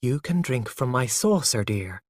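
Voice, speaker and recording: A storyteller voicing a gentle, patient young mother who speaks softly and quietly. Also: mid-range voice, expressive, moderate pace, no room sound, studio quality, lightly acted.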